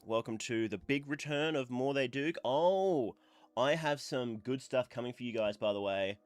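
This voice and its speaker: Chatting loosely on his stream at a moderate pace, a man with a mid-range voice fills his rambling talk with fillers, sounding a touch congested after blowing his nose. There's no echo, and faint music is audible in the background.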